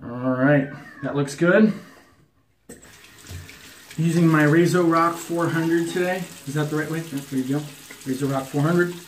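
A wet shaving YouTuber, an American man, chats to camera at his bathroom sink about his shaving routine, loose and jokey, with fillers and restarts. His slightly high voice keeps a measured pace, bouncing off the tiles with an echo over a little background noise.

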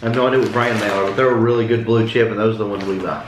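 A man's voice: on the low side, steady tone, rapid-fire. A man co-hosting a casual snack taste test, laid-back and opinionated about flavor. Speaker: co-host tasting snacks. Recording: echoey room with clear background noise.

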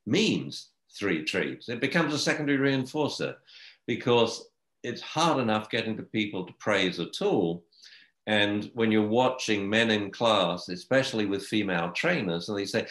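A man's voice: on the low side, animated, unhurried, fairly bright tone, reverberant. An older man, a dog trainer, talking in a chatty way and laughing often. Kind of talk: casual discussion.

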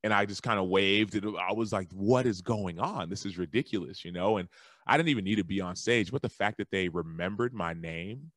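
A man from Texas, a guest on a podcast, telling a lively story in a casual, animated way that jumps high when he quotes himself. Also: fairly quick, no room sound, clean studio sound. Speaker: guest, former football linebacker and author.

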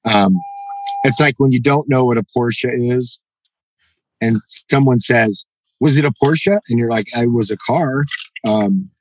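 Middle-aged male guest, animated storyteller, mid-pitched, dry close sound. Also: a little slow, no echo, poor audio. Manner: animated, acts out quoted dialogue, frequent "you know" and "right?". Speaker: podcast guest, jiu-jitsu black belt. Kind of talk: casual storytelling interview.

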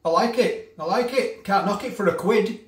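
A man's voice: high voice, normal speed. A man casually reviewing food for his vlog, chatty, often restarting and eating while he talks. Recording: echoey room from a distance.

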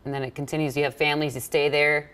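A woman with a Minnesota accent, a news interviewer asking curious, rapid follow-up questions in a casual conversation. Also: low-pitched, flat delivery, fairly bright tone, smooth.

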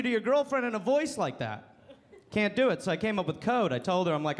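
A man doing a brash, animated stand-up comedy set on a comedy club stage with a handheld mic. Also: high-pitched, brisk. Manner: brash, animated comic delivery. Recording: live club with loud crowd. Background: audience laughter.

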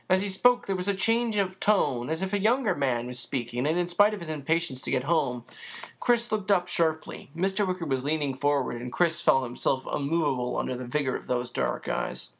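An amateur reader narrating a children's storybook aloud, in an expressive, lilting style. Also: mid-range voice, moderate pace, gravelly. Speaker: audiobook reader.

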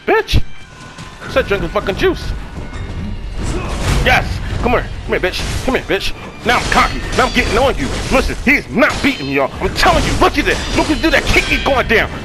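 High-pitched man shouting at a video game. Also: big pitch swings, fairly quick, music in the background. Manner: loud, cursing, shouting at the game. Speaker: gaming channel host. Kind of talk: excited live gameplay commentary.

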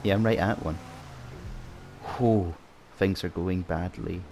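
A man's voice: deep voice, slow pace, vocal fry, over music. A man hosting a gaming channel, giving casual gameplay commentary with dry, sarcastic muttering at a teammate.

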